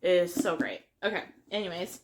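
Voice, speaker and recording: A woman talking about her reading in a casual book vlog, earnest and halting, with many fillers and restarts. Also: lowish voice. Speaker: book vlogger. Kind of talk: casual book review chat.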